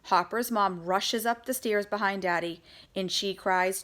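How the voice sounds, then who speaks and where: A woman reads a children's chapter book aloud as an audiobook narrator, speaking as a young girl in the first person and giving the characters their own voices in dialogue. Her mid-range voice is unhurried and slightly bright.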